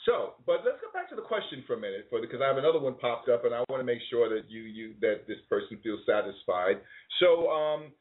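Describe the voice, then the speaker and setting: A man's voice: medium pitch, big pitch swings, quick pace. A man, hosting a call-in interview and asking questions in a friendly way. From United States. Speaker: host. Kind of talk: call-in interview over Skype. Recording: tinny phone-like line.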